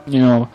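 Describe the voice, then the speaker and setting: A tipsy young man, rambling and swearing as he tells a self-mocking story to the camera. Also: poor audio.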